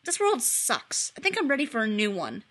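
Woman playing a sullen young guy, bored and cold, bright voice. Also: on the high side, wildly swooping pitch, moderate pace.

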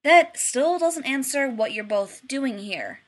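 A woman reading a story and voicing a gruff, sardonic man who talks flatly and teases. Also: very high-pitched, slow, pitched above the performer's own voice, full character voice. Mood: dry. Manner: flat, dry, sardonic.

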